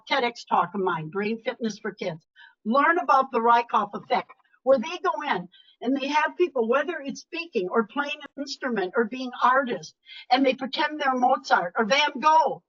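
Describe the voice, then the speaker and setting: An older woman coach giving a live webinar talk, animated and emphatic, often dropping her voice low or to a whisper for effect. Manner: animated, emphatic, varies loudness, drops to whispers. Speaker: speaker and leadership coach. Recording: dull lo-fi webinar audio.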